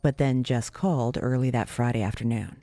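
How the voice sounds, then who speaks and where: A woman's voice: a little fast, mellow, dry recording, studio quality, faint music behind. Wry, sarcastic woman telling a story. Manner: wry, sarcastic, self-mocking; sudden pitch leaps for emphasis. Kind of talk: personal storytelling.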